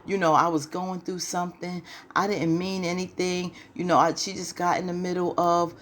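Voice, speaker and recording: A woman voicing a brash young female neighbor, acting her out with a rushed, pleading apology. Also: on the low side, level tone, slight background noise, pitched above the performer's own voice, natural voice. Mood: apologetic.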